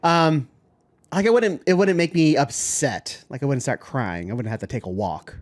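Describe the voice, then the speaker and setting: A man's voice: mid-range voice, moderate pace. A man co-hosting a movie podcast, an easygoing storyteller who tells anecdotes in a casual chat. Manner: easygoing storyteller with lively impressions. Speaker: podcast co-host.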